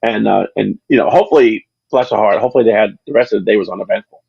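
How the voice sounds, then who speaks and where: On a livestream, a man who is both the channel creator and an interview guest chats casually, rambling through his stories and frequently stopping to start over. His voice is low, gravelly and husky, and he talks at a racing pace. The audio is dry, slightly dull and lo-fi, with no echo or room sound.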